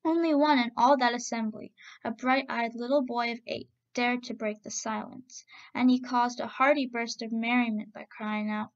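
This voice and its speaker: Gravelly woman reading a story aloud. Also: on the high side, normal speed, lo-fi sound. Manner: steady expressive reading with voiced quotes. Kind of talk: storybook narration.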